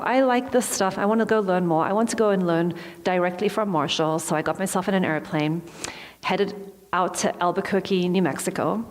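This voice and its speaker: A woman giving a motivational talk to a live audience, telling a personal story and acting out her own reactions. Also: mid-range voice. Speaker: motivational speaker. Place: large hall with an audience. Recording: long hall reverb.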